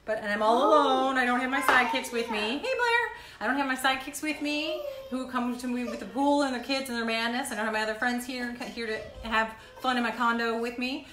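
A woman's voice: fairly high pitch, fairly even intonation, fast, few pauses. A woman in her thirties hosting a casual live stream from her condo kitchen, talking in a rambling, chatty way full of "like.". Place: indoors at home in a condo kitchen. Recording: echoey room.

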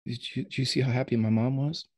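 A man voicing a confused, tearful teenage boy in a tabletop game, pleading and halting, repeating himself. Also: mid-range voice, steady tone, darkish tone, pitched above the performer's own voice, lightly acted. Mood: wistful.

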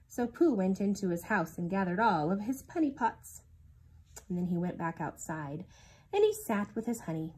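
Woman, storybook read-aloud, sing-song delivery, animated pitch, breathy. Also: normal speed, poor audio. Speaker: reader.

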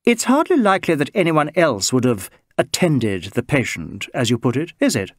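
A man playing a cool, brisk Englishwoman doctor with a crisp English accent and a curt, sardonic manner. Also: a bass voice, very animated, no room sound, studio quality, exaggerated voice.

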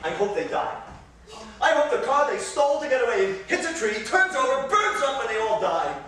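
A man acting as an excitable middle-aged husband in a live stage play, recorded from the back of an echoey theater. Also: extremely high pitch, moderate pace, heavily acted. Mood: outraged. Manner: blustering, shouting curses, then soothing. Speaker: stage actor. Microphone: distant room mic. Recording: echoey hall, distant, some noise.

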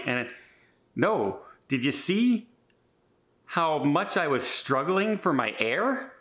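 Fifty-something guy rambling on his vlog, earnest, keeps restarting sentences, middle pitch. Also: animated, slow, a bit bright. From Canada. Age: 50s. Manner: chatty, rambling, with frequent restarts; earnest and defensive. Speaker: vlogger. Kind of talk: casual vlog monologue.

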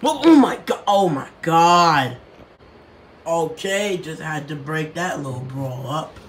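A man's voice: on the high side, animated, takes it slowly, a little hiss or hum. A man announcing fighters at a comedic press conference, hyping the crowd. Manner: hype announcer, breaks up scuffles.

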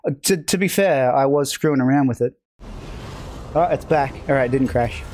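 During a live video game stream, a man rambles and teases himself while chatting with viewers. He speaks at normal speed in a medium-pitched, slightly mellow voice, with a little hiss or hum in the recording.

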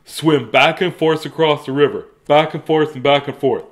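Brief: hiccuping storybook bear, alternately weary and bursting with excitement, read aloud by a man. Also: a little high, normal speed, natural voice.

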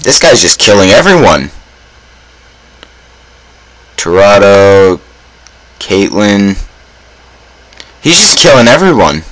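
Very deep-voiced young gamer groaning at himself. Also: male voice, sing-song, takes it slowly, long pauses, fairly bright tone, rough recording. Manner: self-mocking, dramatic groans and exclamations. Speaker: gaming YouTuber. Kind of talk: casual gameplay commentary.

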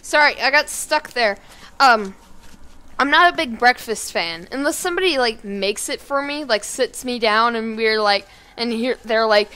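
A teenage girl chatting casually and rambling while playing a game at her home computer, now and then breaking into sudden yells. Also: fairly high pitch, normal speed, clean tone. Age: teens. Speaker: gaming YouTuber. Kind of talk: let's play commentary. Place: kitchen at home.

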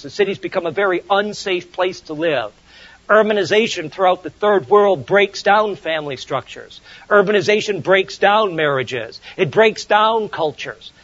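A middle-aged man preaching a Bible lecture in a high voice. He speaks with insistent emphasis, repeats key phrases, and climbs higher when reading scripture. The recording is dull and lo-fi. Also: a bit bright. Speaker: Bible teacher. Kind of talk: sermon-style Bible lecture.

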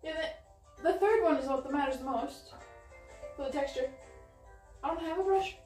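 A woman's voice: high-pitched, normal speed, a little mellow, far from the mic, faint music behind. A woman whose first language is Icelandic, chatting playfully in English while painting an office, teasing and laughing often. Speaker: streamer. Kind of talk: casual banter while painting. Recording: roomy office from off-mic.

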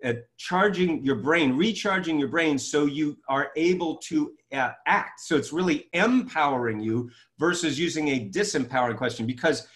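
Energetic man explaining over a video call. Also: fairly high pitch, moderate pace, few pauses. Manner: energetic, emphatic, explains with examples. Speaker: guest expert.

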